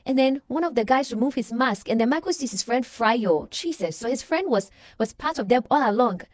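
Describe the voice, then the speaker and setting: A young woman tells a film's story in a lively, animated way, slipping into the characters' voices as she goes. Her voice sits a little high, and the recording is close and dry with no room sound. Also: fairly quick, no echo. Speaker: movie reaction vlogger. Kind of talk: casual movie recap and reaction.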